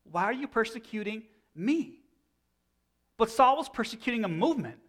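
A man's voice: sits high, fairly bright tone. A man in his thirties preaching a sermon in a conversational teaching manner, often restarting phrases. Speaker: pastor.

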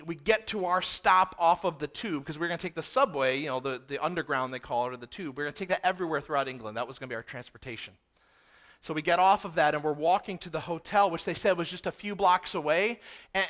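Bright, forceful preacher man. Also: high voice. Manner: animated storyteller, often speeding up and acting out exchanges. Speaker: pastor. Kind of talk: storytelling sermon.

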